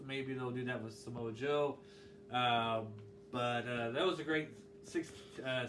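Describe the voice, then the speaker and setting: Rambling man in an echoey room. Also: mid-range voice. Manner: rambling, gets worked up and indignant. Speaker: wrestling commentator vlogger. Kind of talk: casual opinion monologue. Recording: echoey room, mic far off, faint hiss.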